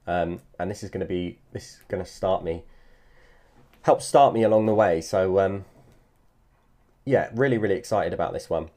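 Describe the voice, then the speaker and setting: Man, slightly low voice, chatty collector vlogger, loose and rambling delivery. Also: moderate pace, long pauses, mellow. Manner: rambling, repeats words, hesitant fillers. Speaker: sports card collector vlogger. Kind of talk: casual chat.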